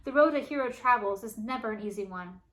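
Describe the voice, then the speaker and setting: A woman voicing a gentle, wise wandering minstrel in a storybook read-aloud. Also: fairly high pitch, fast talker, lightly acted, rough recording.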